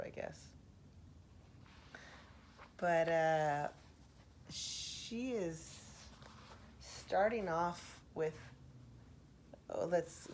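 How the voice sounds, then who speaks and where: Woman host, low and unhurried, soft-spoken ASMR musing with hushed murmurs. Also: a little hiss or hum. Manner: reflective, thinking aloud with pauses.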